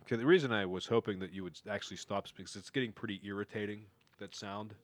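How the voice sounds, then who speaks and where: A man's voice: on the low side, quick pace, no room sound. A man co-hosting a comedy story podcast, exasperated and scolding. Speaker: podcast co-host and game master. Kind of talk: comedic podcast chat and narration.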